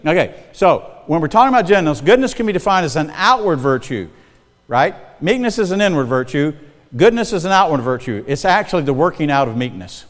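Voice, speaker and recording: A middle-aged man preaches in a folksy, conversational style and keeps asking his listeners whether they are following. His voice sits a little high for a man. The sound rings with the long reverb of a large hall. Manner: folksy, conversational, checks in with the congregation. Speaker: pastor. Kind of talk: sermon.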